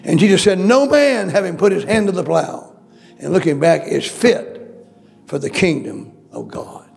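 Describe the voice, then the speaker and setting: A man's voice: high voice, expressive, normal speed, creaky. A male preacher delivering a sermon, emphatic and repetitive, calling out questions to the congregation. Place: church.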